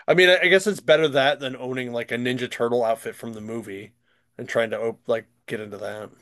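A man's voice: medium pitch, fairly even intonation, moderate pace, a bit bright, no echo, studio quality. A man chatting casually and telling stories as a podcast host, rambling with lots of fillers and frequent laughter. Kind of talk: casual chat, storytelling.

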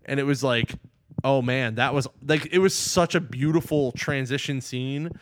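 A man chatting casually, recapping a movie in an excited, rambling way and acting out the characters' lines. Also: mid-range voice, moderate pace. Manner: excited, rambling, acts out quotes.

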